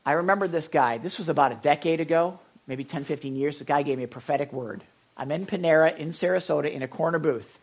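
A male pastor preaching in a loose, conversational way, full of stories, fillers and restarts. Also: on the high side. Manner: rambling, anecdotal, many fillers and restarts. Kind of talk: conversational sermon.

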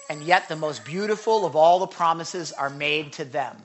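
A middle-aged man preaching a sermon, with impassioned pleas that rise high and then drop to quiet urging. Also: unhurried. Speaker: pastor. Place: church without a microphone.

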